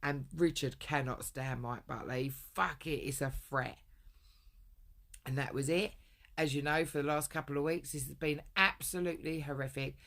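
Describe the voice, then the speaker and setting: A woman's voice: deep voice, fairly even intonation, normal speed, fairly bright tone. A woman telling a long personal story in a rambling, blunt way, swearing often. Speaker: vlogger. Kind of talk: casual storytelling rant.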